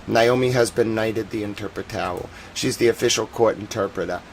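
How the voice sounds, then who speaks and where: A man with a Boston accent hosting a casual live stream about war footage, chatting with viewers and turning soft and earnest on serious points. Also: on the low side, a little fast, gravelly, slight background noise, poor audio. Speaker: live-stream news host.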